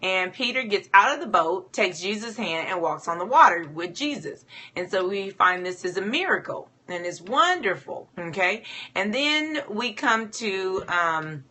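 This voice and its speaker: A woman's voice: mid-range voice, lively intonation, a little slow, pushed and bright. A woman preaching a sermon in an informal, conversational way, retelling a scripture story with casual asides.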